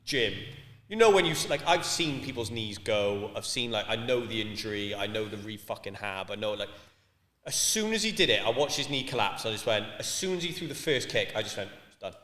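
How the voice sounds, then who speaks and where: A man from Wales trades sweary, animated stories on a casual podcast. His voice is bright and forward. The room is echoey, with a long reverb tail behind him. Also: lowish voice, brisk. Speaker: podcast co-host.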